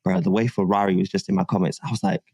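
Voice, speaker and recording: A man's voice: deep voice, quick pace, husky, dry recording. A man who makes car content, a guest on a podcast, chatting casually with lots of slang and frequent laughter. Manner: animated, laughs often, slangy.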